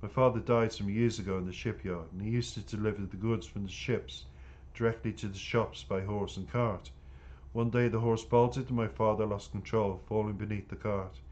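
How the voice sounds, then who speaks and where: A composed, protective teenage boy in a storybook reading, voiced by a man, talking in a low, steady and matter-of-fact way. The recording sounds dull and lo-fi. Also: moderate pace, close to an everyday voice. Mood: sombre. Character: calm, self-assured teenage boy, protective friend. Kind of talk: audiobook character reading.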